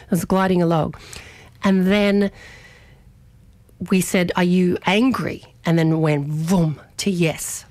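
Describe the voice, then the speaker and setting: A woman's voice: lowish voice, slow, pauses often, dry recording. Chatty woman radio host, dry studio sound. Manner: animated, chatty, many restarts. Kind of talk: casual storytelling chat on radio.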